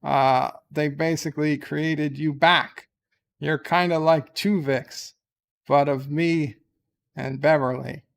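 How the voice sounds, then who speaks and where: A man voicing a scheming, blunt starship captain who mocks and shouts down a young crewman in a comic skit. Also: on the high side, fairly even intonation, slow, gravelly. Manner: brash, mocking, loud outbursts.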